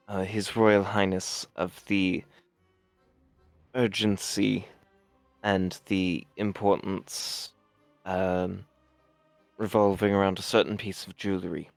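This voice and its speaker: Slow, deep, courtly man. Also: no room sound. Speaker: player. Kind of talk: in-character role-play.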